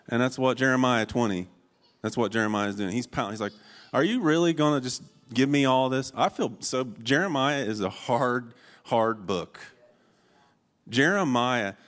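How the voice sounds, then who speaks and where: A man's voice: mid-range voice, a bit bright. A man in his forties preaching a sermon, earnest and emotional, often breaking into laughter and restarting his sentences. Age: 40s.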